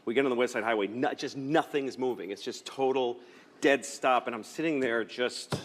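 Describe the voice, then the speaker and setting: A man's voice: medium pitch, normal speed. A man in his forties telling a rambling, self-deprecating comic story as a talk show guest, acting out voices along the way.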